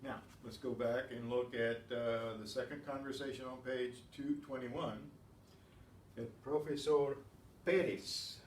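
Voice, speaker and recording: A man's voice: medium pitch, little pitch movement, a little slow, a little mellow, slight background noise. Man teacher, patient classroom explanations, distant mic, echoey room. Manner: patient, explanatory, asks and answers own questions. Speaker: Spanish teacher. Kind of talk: classroom lesson.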